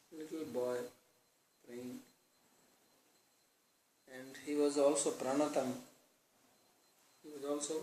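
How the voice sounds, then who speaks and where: A man's voice: medium pitch, a little mellow, slight background noise. Man giving a scripture talk in a roomy hall. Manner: explains with everyday examples, chants verses slowly. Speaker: lecturer on scripture. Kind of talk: devotional scripture class. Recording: roomy, distant mic, faint ambience.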